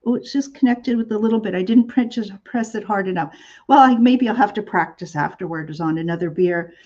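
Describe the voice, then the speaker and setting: A woman's voice: medium pitch, fairly quick, darkish tone, lo-fi sound. A woman hosting a live shopping show, chatting in a rambling way with many fillers.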